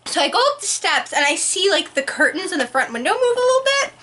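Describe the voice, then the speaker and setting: A teenage girl telling an embarrassing story to friends in casual chat, giggly and animated, with lots of "like". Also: very high-pitched, fast talker. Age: teens.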